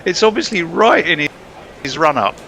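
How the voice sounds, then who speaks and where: A man's voice: on the high side, expressive, normal speed, pushed and bright, a little hiss or hum. A man doing ball-by-ball cricket commentary in a playful, joking way, often laughing. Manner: playful, laughing, jokey banter.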